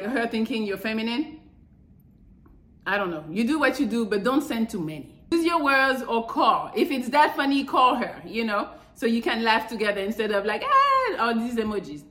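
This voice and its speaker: A woman hosting a podcast, giving blunt, profane dating advice in a casual, animated monologue. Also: a little high. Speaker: podcast host. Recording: echoey room.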